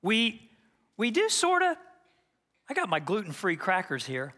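A man's voice: high-pitched, wildly swooping pitch, measured pace, sharp tone, big-room sound. A man preaching a sermon as pastor, talking conversationally and acting out quoted asides. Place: church sanctuary.

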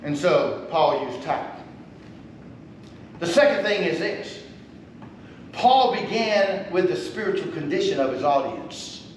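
A man preaching a conversational sermon, swinging from low asides to loud emphatic peaks and chuckling at his own points. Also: animated, slow, long pauses. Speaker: pastor. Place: church sanctuary. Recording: echoey church sanctuary with faint hum.

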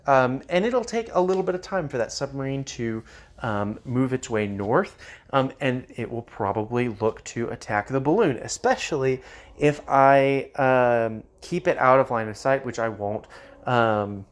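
A man's voice: mid-range voice, a little slow. A man giving casual commentary on a strategy game, with many ums and uhs. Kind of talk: gameplay commentary.

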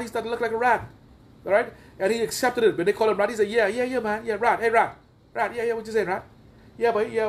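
A man with a rather high voice preaches a sermon. He drives his points home by repeating phrases and firing rhetorical questions at his listeners. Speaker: prophet preaching.

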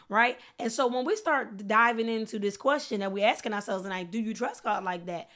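A woman's voice: on the high side, brisk, hardly any pauses, fairly bright tone. A woman preacher delivering a sermon with fervent, emphatic repetition, building intensity as she speaks.

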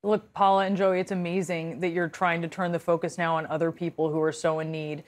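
A woman's voice: fairly low pitch, level tone, brisk. A woman anchoring a live news interview, asking empathetic, probing questions.

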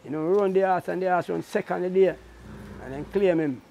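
A man's voice: sits high, fairly quick, vocal fry, lo-fi sound, slight background noise. A middle-aged man, a racehorse trainer telling stories in an interview, acting out other people's lines as he goes. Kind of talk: casual storytelling interview.

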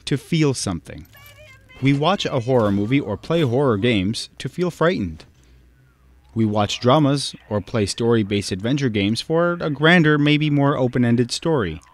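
A man's voice: mid-range voice, animated, moderate pace. Man narrating a scripted video essay.

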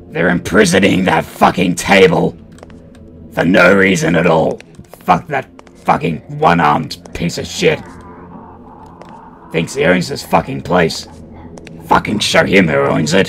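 A man's voice: on the high side, gravelly. A man doing profane, joking let's play commentary while playing a horror game. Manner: crude, loud, profane joking. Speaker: gaming channel host.

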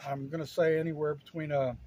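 A man in his fifties tasting his own cooking on a casual vlog, talking in a halting, stuttering, self-deprecating way, sometimes while chewing. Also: fairly high pitch, flat delivery, warm tone, muffled recording, slight background noise. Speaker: cooking vlogger.

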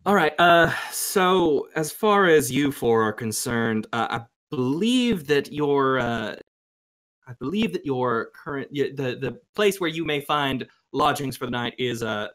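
A man's voice: medium pitch, expressive, measured pace, a bit bright. A man voicing a stern woman sheriff. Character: no-nonsense woman town sheriff.

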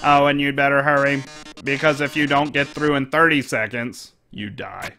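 A man's voice: medium pitch, fairly even intonation, moderate pace, bright, forceful tone, soft background music. A man voicing a flamboyant, dramatic male robot TV star in a video game, drawing out "darling" with theatrical flair. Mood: gloating.

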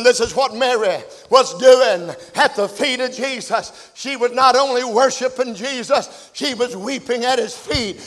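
A middle-aged man preaching a revival sermon, folksy and plain-spoken, swinging from shouted glory cries to hushed, tender lows. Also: long reverb tail.

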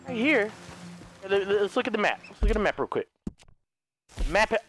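High-voiced hoarse excitable man. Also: normal speed, long pauses, soft background music. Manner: excitable, swears often, talks to his horse. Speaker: gaming video host. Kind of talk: casual let's-play commentary.

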